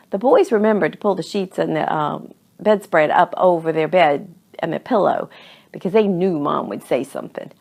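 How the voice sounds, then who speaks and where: A woman's voice: on the low side, normal speed, creaky. Woman telling a children's story. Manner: expressive, dramatic storytelling. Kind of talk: reading a children's story aloud.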